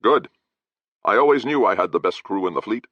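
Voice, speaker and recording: A man voicing a gruff, blunt male sea captain who barks orders, in a dry, slightly dull recording. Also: on the low side, animated, a little fast, a bit bright, dry recording, pitched above the performer's own voice. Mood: commanding. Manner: barking orders, short-tempered.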